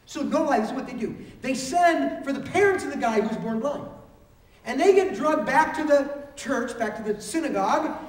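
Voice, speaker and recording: A man preaching a sermon, telling a story in an animated way and acting out the voices of its people. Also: very high-pitched, normal speed. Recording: roomy hall recorded from a distance.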